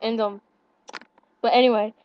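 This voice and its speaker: A young woman telling her part of a concert story beside a friend, a little awkward and soft-spoken. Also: fairly high pitch, level tone, normal speed. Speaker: friend of the vlogger. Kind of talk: casual storytelling. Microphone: webcam. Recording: dry, lo-fi webcam audio.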